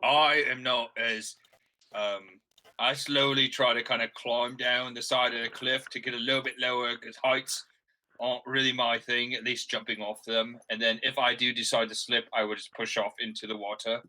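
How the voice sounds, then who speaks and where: A man's voice: mid-range voice, level tone, moderate pace, pushed and bright. A man playing a tabletop game, talking hesitantly with many fillers. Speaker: player. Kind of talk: casual tabletop role-play.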